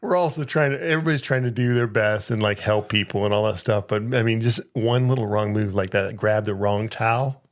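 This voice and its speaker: A man's voice: fairly low pitch, a little fast, few pauses. A man co-hosting a casual podcast, a flight attendant who jokes bluntly and swears freely. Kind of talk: casual chat.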